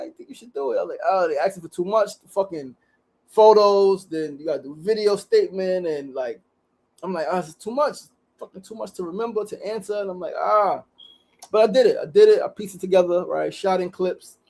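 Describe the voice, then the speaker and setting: A man's voice: on the high side, vocal fry, mellow. A man hosting his daily show, talking casually and emphatically, repeating himself and swearing freely as he motivates listeners. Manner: profane, repetitive, emphatic. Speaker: podcast host. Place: studio.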